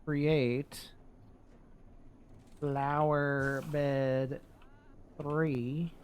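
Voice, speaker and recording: Slow-talking man muttering over a game. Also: a little high, slight background noise. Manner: relaxed, thinking aloud, muttering. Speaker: gaming YouTuber. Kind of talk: casual let's-play commentary.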